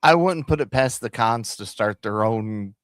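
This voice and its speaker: A lower-voiced man joining a casual wrestling podcast, mostly offering short, easygoing replies. He is recorded dry and close, with no room echo. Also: expressive, a little slow. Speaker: podcast co-host.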